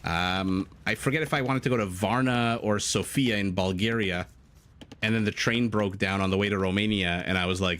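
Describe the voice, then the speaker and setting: A man's voice: fairly low pitch, normal speed, a bit bright, a little hiss or hum. Chatty man casting a strategy game. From Canada. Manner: chatty, jokey, breaks off to answer chat. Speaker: game caster. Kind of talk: live esports commentary, reading chat.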